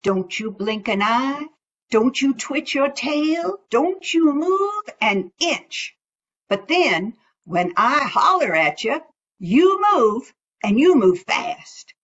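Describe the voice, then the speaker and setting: A sly, folksy male rabbit trickster, as a woman storyteller puts him on, drawling his schemes in a high, bright voice. The recording sounds dull and lo-fi. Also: very animated, slow pace, breathy edge, full character voice. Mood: scheming.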